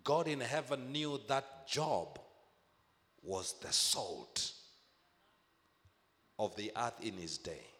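A man preaching a sermon, emphatic, repeating phrases and slowing to stress key words. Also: medium pitch, a bit bright, in a large hall.

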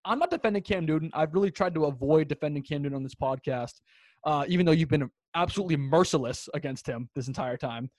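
A young man with a high voice runs a casual sports chat, getting worked up and cursing freely as he tells his stories. The recording is close and dry, with no room sound. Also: fast talker, no room sound. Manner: excitable, swearing, animated storyteller. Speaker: podcast co-host.

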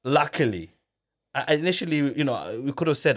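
A man hosting a podcast, telling stories in casual slangy chat with quick laughs. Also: medium pitch, sing-song. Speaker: podcast host.

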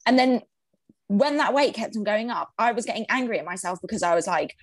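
A young woman chatting casually, animated, swearing freely and laughing often. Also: mid-range voice, fairly quick. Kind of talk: casual chat.

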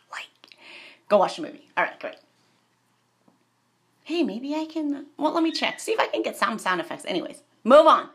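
A woman with a bright, high-ish voice retells a movie in a rambling, animated way. Her pitch swings widely as she throws in sound effects and asides. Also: fairly quick, long pauses.

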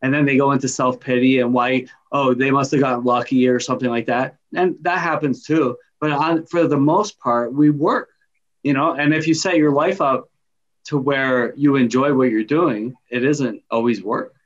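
A man's voice: mid-range voice, steady tone, normal speed. A man hosting a podcast, chatting in an affirming, conversational way. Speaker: podcast host. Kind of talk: casual interview chat. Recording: dull lo-fi sound.

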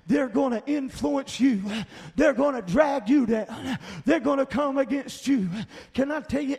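A man with a Southern Appalachian accent delivers a sermon in an unusually high voice. His preaching climbs into fiery shouts, and he keeps checking in with his listeners with "Amen" and "Hello.". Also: unhurried. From American South.

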